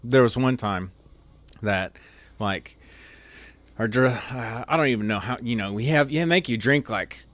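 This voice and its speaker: A man's voice: mid-range voice, a little slow, long pauses, a bit bright, no room sound. A young man from Oklahoma, an officer candidate, casually telling a rambling story full of "like" and restarts. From Oklahoma, USA. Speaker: interview guest, officer candidate.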